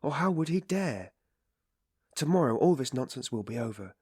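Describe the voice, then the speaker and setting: A man voicing a loud, tipsy and loyal young friend who blusters in a raised voice. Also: mid-range voice, big pitch swings, normal speed, breathy edge, no echo, studio quality, pitched above the performer's own voice. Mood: blustering tipsy.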